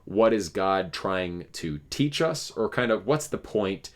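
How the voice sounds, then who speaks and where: A man's voice: low voice, expressive, slow. A man hosting a casual philosophical discussion, explaining ideas in a thoughtful, searching way with frequent restarts. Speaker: podcast host.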